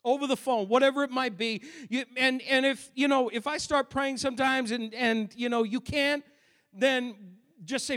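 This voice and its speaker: A pastor preaching a sermon, moving between quiet asides and loud, emphatic declarations. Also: male voice, very high-pitched, normal speed. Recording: long reverb of a large hall.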